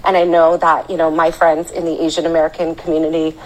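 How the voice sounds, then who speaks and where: A woman speaking to a live audio room in an earnest, heartfelt way. Her voice sits a little low, and she often trips over and repeats words when she is moved. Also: level tone, quick pace, a little mellow, poor audio. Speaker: panel speaker.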